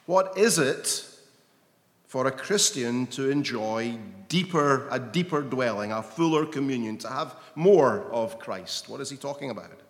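A man preaching a sermon slowly and emphatically, his voice swelling with intensity on key phrases. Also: medium pitch. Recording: long hall reverb.

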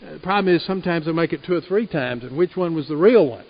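A man preaching a sermon as pastor, earnest and rising loud on his key points. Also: on the high side, expressive, fast, slightly rough. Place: church sanctuary. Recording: reverberant church hall, muffled sound.

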